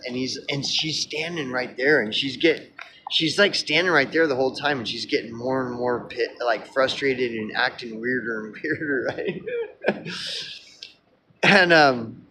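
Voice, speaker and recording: A man's voice: mid-range voice, unhurried, sharp tone, slight background noise. Rambling, profane man telling a story. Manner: profane and rambling, addresses listener as dude. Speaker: vlogger telling a personal story. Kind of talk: casual storytelling to camera.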